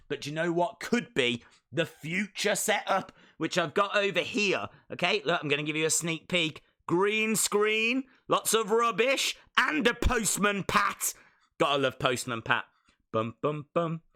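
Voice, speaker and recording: A man hosts a casual live watch-along and answers viewer comments in a loose, jokey ramble. His voice is bright and a touch higher than most men's, and he keeps it chatty and informal. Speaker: live stream host.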